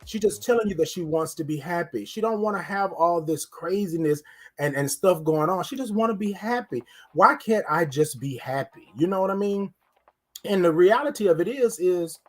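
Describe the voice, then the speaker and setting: A man hosts a casual, upbeat morning livestream, greeting viewers in the chat by name as he talks to them. His voice is fairly high-pitched and husky.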